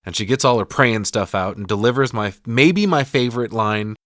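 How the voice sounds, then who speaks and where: A middle-aged man casually recapping a film, swearing, laughing and slipping into quick impressions. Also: lowish voice, a bit bright, no room sound, clean studio sound. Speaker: podcast co-host.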